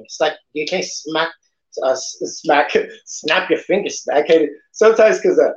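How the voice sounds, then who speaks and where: Man, podcast host, lisp, rambling casual talk, fairly high voice, dull lo-fi audio. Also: expressive, a little slow. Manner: rambling, with frequent restarts and swearing.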